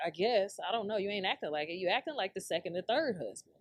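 A woman's voice: mid-range voice, big pitch swings, quick pace, no echo. A woman hosting her own podcast, telling a blunt, profane story and laughing often. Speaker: podcast host. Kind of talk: casual storytelling rant.

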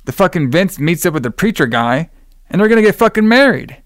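A man retells a movie in loose, rambling chat, swearing freely and slipping into the characters' lines. His voice is smooth and clear. The recording is close and dry. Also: sits high, big pitch swings, a little fast, no room sound. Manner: profane, rambling storyteller who acts out quotes. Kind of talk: casual chat recapping a movie.

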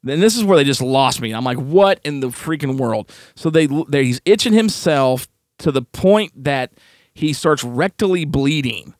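A man co-hosting a podcast, casually reviewing a film in an animated, exasperated way, laughing often. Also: on the high side, moderate pace, dry recording, studio quality. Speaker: podcast co-host.

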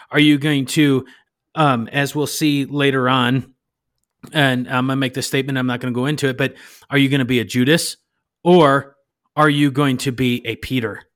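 Podcast host, man, mid pitch, rambling scripture retelling, dry close sound. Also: fairly even intonation, moderate pace, a bit bright, dry recording. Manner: rambling, searches for words, paraphrasing. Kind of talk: casual Bible discussion.

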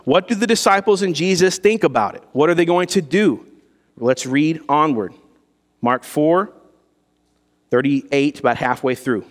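A man's voice: fairly high pitch, measured pace. A man preaching a sermon, reading scripture aloud and asking the congregation rhetorical questions. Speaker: pastor. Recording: long hall reverb.

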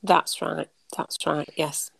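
A woman's voice: low voice, steady tone, slow, gravelly, slightly rough, dry recording. A woman guest in a casual conversation, agreeable and friendly.

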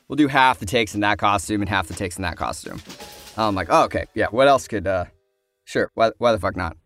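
A man's voice: medium pitch, a bit bright. A young man casually telling a story about a film shoot, acting out other people's lines.

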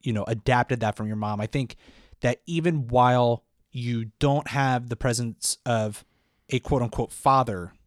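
A young man hosting a podcast, chatting casually with a guest and telling lively stories with a laugh. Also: mid-range voice, measured pace, dry recording, clean studio sound. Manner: animated when telling stories, laughs often. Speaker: podcast host. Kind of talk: casual conversational interview.

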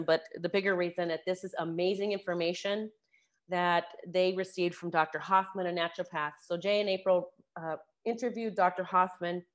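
A woman hosting her own podcast, slightly hoarse from a sore throat, chatting through announcements in a relaxed way with fillers. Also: on the low side. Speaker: podcast host.

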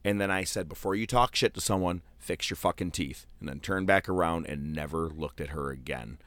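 Casting: low-voiced man, profane storyteller, dry close sound. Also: brisk, no room sound. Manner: profane, animated, acts out quotes. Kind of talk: casual storytelling rant.

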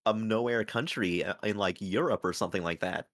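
A man's voice: on the low side, fairly quick. Laid-back man chatting on a podcast. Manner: laid-back, filler-heavy, bursts into loud laughter. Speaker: podcast host. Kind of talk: casual anime discussion podcast.

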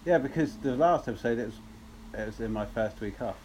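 Man, podcast co-host, casual rambling chat, frequent restarts, mid pitch. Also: brisk, darkish tone, slight background noise. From Luton, England. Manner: rambling, sweary, with many restarts.

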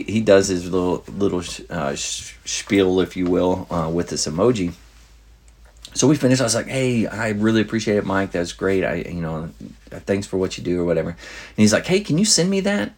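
A man's voice: deep voice, normal speed, a little mellow, husky. A man hosting a casual storytelling show, telling an anecdote in an easygoing, rambling way with many fillers and restarts. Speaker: podcast host.

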